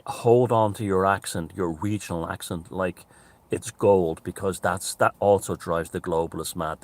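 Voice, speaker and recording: An Irish man with a low voice talks to camera in a loose, rambling monologue. He is animated and swears freely, and the recording is dry, with almost no room sound. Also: no echo. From Ireland. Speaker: commentator. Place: outdoors near mountains.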